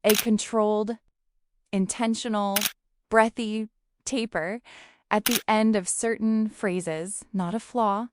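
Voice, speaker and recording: A woman's voice: medium pitch, steady tone, takes it slowly. Dramatic woman narrator, noisy recording. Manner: dramatic, clipped emphatic phrases. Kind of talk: scripted narration. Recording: clear background noise.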